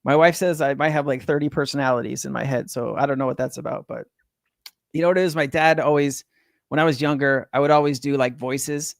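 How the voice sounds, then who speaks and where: A man's voice: mid-range voice, steady tone, a little fast, vocal fry, no echo, clean studio sound. A man hosting a casual crypto livestream, rambling and chatty with lots of fillers and restarts.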